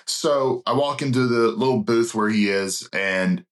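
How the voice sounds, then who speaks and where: A man working as an evangelist, telling a story in an earnest, reflective way with many pauses. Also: medium pitch. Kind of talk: conversational storytelling.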